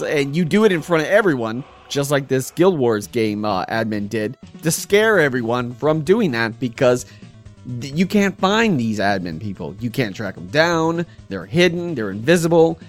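Animated man on a podcast. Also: fairly high pitch. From United States. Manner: animated, laughing, acts out quotes. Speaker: podcast co-host. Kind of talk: casual chat.

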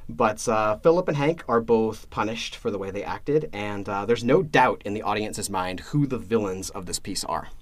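A man co-hosting a podcast in casual chat, his voice sitting fairly low. He talks in halting bursts, restarting and repeating words, and laughs as he retells scenes. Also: expressive. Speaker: podcast co-host.

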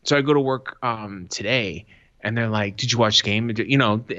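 A man's voice: mid-range voice, moderate pace, no room sound, lo-fi sound. A man in his thirties co-hosting a podcast, chatting casually and telling profane stories, acting out what people said. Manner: profane, animated storytelling with acted-out quotes. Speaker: podcast co-host. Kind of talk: casual chat.

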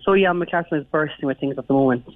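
A man with an Irish accent, a teacher speaking as a guest over the phone, talking earnestly and quickly. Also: a little high, no echo. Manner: quick, earnest, community-minded. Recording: tinny phone line.

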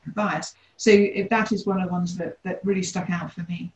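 A woman co-hosting a casual discussion, explaining points in a measured, deliberate way. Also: lowish voice, steady tone, a little mellow, roomy sound, rough recording. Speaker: co-host, leads people teams.

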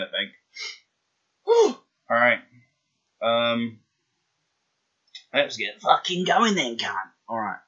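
Sweary man, bright edgy voice. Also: lowish voice, breathy edge, muffled recording. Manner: sweary, self-mocking, blunt. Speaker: voice actor. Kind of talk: casual outtake chatter while recording lines.

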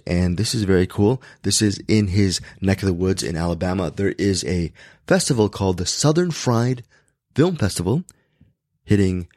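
Hoarse, raspy man in his fifties. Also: dry recording, studio quality. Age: 50s. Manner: rambling, frequent self-corrections, jumps to excited high pitch. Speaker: podcast host. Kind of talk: casual podcast chat.

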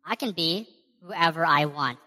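A bright, low-pitched woman's voice taunting through a voicemail, a woman as the caller. Long reverb trails each phrase. She sounds playful and teasing. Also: a little slow. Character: taunting caller calling herself Zol.

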